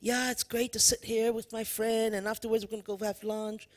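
A woman's voice: fairly high pitch, level tone, fairly quick. A woman preacher giving an emphatic sermon, asking the congregation questions. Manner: emphatic, addresses the congregation with questions and "you know" fillers. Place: church worship service.

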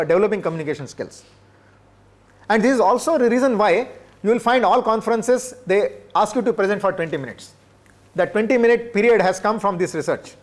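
A male professor, lecturing teachers, repeating points for emphasis and asking the audience rhetorical questions. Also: high voice. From India.

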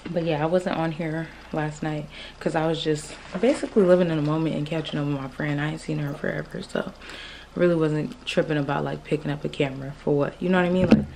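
A woman's voice: sits low, fairly even intonation, fast talker, creaky, darkish tone. A young woman chatting casually to camera in a loose, informal way, giving viewers updates on her day. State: out of breath after climbing stairs. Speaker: vlogger. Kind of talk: casual vlog chat. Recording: distant camera mic with background noise.

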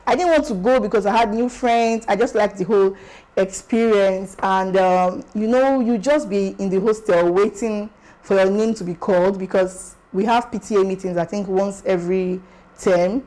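Brief: young Nigerian woman, vlogger, lively exclamatory storyteller, mid-pitched voice. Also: normal speed, rough recording. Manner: animated and exclamatory, slipping into Pidgin. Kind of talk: casual storytelling vlog.

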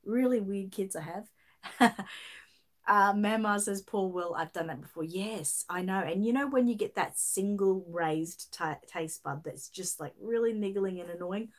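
A woman's voice: medium pitch, measured pace. A middle-aged Australian woman hosts a casual livestream, her voice a little throaty from a lingering chest infection. She chats easily and reads out viewers' comments as she goes. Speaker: livestream host.

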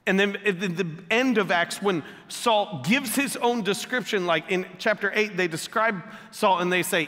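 A male pastor preaching a sermon, animated and joking in a conversational way. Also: high voice, normal speed. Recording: long echoey hall reverb.

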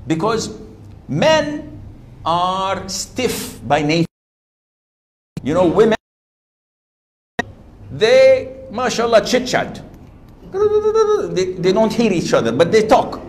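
A man delivers a sermon in a slightly higher-pitched voice. He speaks with animated energy and acts out the voices he quotes. A faint hiss of noise sits under the recording. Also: takes it slowly, pauses often. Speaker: Islamic preacher. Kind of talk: sermon lecture.

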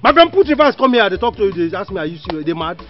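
An actor playing a brash young Pidgin-speaking bully. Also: male voice, a little high, steady tone, very fast, lo-fi sound, faint music behind, natural voice. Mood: taunting. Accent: Nigerian Pidgin. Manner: loud, taunting, speaks Pidgin.

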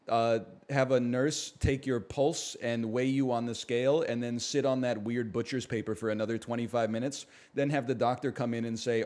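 A man's voice: a little fast, few pauses, darkish tone. A man in his thirties streaming, ranting in sarcastic casual banter. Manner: sarcastic, ranting, mock voices at high pitch.

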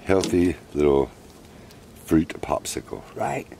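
A man's voice: extremely low pitch, very animated, takes it slowly, creaky, background noise. A man narrating casually, doting on and coaxing his pet monkeys. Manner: doting, coaxing, talks to the animals, chuckles often. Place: outdoors at a picnic.

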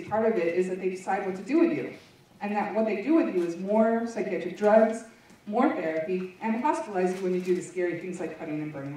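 In a large meeting room, a woman presenter shares a candid personal testimony, telling her story frankly and conversationally. Her mid-range voice is a little mellow, heard from far off in an echoey room with slight background noise.

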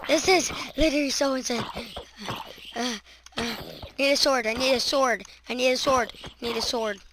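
A woman's voice: sits high, fairly even intonation, normal speed, noisy background. A woman giving let's-play commentary as she plays, chattering to herself and breaking into shrieks and screams whenever monsters appear. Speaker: gaming channel host.

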